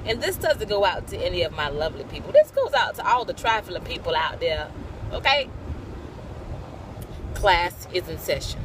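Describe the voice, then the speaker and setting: A woman's voice: medium pitch, big pitch swings, normal speed, background noise. A mother chatting animatedly in a casual vlog, recorded on a phone inside a moving minivan. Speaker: mother and vlogger. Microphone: phone camera.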